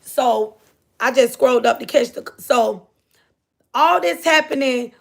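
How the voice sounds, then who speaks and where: A woman telling her viewers a story in a loose, rambling way. Her voice sits high and has a rough, gravelly fry running through it. She repeats phrases and keeps turning to speak straight to her listeners. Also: measured pace. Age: adult. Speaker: livestreamer reading viewer comments.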